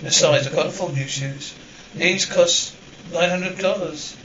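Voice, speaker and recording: An actress playing a formerly rich young waitress who is dramatic and fussy, in sitcom acting. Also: female voice, on the low side, measured pace, distant mic, crowd noise, lightly acted. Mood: indignant. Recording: dull roomy TV audio from afar.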